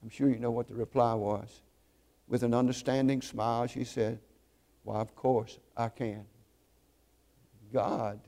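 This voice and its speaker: A man preaching a sermon, telling stories earnestly and slowing down to stress key points. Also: mid-range voice, vocal fry, mellow. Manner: earnest storytelling, slows for emphasis.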